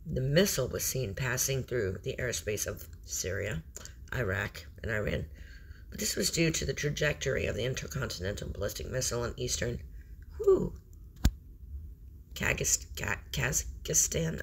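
A middle-aged man at home reading news aloud with his own commentary. He stumbles over foreign place names and spells them out. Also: medium pitch. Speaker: Christian video host. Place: room in a house. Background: faint background noise.

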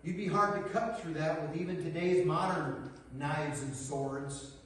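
A man preaching a sermon as pastor, earnest, with dramatic pauses and hushed retellings of scripture. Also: fairly high pitch. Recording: echoey hall recorded from far off.

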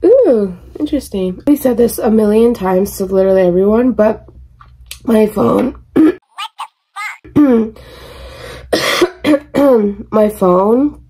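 A woman's voice: on the high side, vocal fry, mellow, husky, poor audio. A young woman vlogging her morning routine in a casual, rambling way, swearing now and then, recorded by a camera on a tripod in her bedroom. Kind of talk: casual get-ready-with-me chat. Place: home bedroom, indoors.

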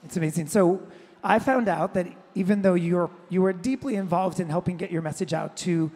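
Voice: mid-range voice, a little fast, a little mellow, slightly rough, long reverb tail. An interviewer asking long, curious questions in a live on-stage interview. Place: large event hall with audience.

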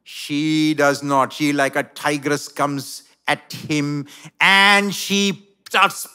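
A man's voice: on the high side, fairly even intonation, extremely slow, bright, forceful tone, clean tone. A male pastor preaching a sermon in a church, telling a story dramatically.

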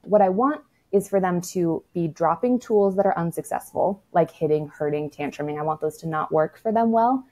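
A woman's voice: lowish voice, normal speed, few pauses, mellow. A woman speaking as a toddler-parenting expert in a casual podcast conversation, frank and matter-of-fact, with lots of "like" and the odd swear word.

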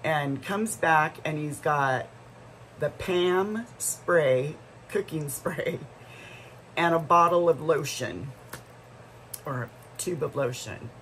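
A woman's voice: low voice, takes it slowly, a bit bright, a little hiss or hum, rough recording. A middle-aged woman vlogger telling a story in a casual, rambling way, full of asides and restarts.

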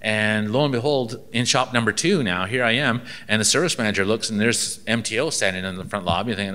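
Bright-voiced man telling a wry story. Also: mid-range voice, quick pace, few pauses. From Canada. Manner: storytelling, acts out dialogue, dry humor. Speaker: ministry inspector giving a seminar. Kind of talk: seminar talk with anecdotes.

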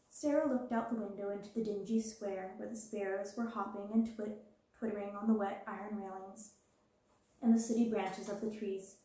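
A woman reading a children's classic aloud as a storyteller, with gentle, even narration. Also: medium pitch, normal speed, heavy reverb, rough recording.

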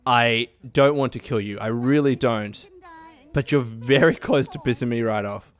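A young man giving excitable, swearing let's play commentary, laughing often. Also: mid-range voice, normal speed. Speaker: gaming youtuber.

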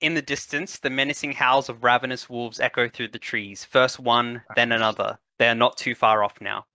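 A man's voice: mid-range voice, steady tone, moderate pace, pushed and bright, no room sound. A man acting as game master, narrating a tabletop game in a loose, partly improvised way. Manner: loose, hesitant, with fillers when improvising.

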